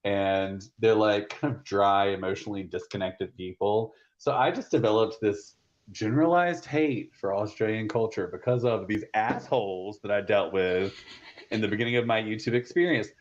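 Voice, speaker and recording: A man's voice: lowish voice, moderate pace. Blunt Southern man on a dull stream. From Georgia, US. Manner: blunt, profane, rambling with many fillers. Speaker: stream host. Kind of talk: casual live-stream chat. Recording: dull lo-fi audio.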